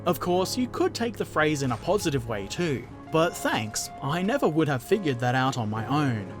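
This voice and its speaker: Man, gaming channel host, casual comment Q&A, jokey, lively up-and-down voice, fairly high. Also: moderate pace, over music. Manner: joking, slips into silly put-on voices. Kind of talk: casual Q&A answering viewer comments.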